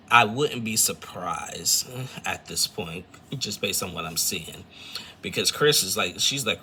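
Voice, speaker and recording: A man's voice: deep voice, gravelly, sharp tone, a little hiss or hum. A man casually recapping a reality show episode, rambling with lots of fillers and retold quotes. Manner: rambling, filler-heavy, retells scenes with quotes.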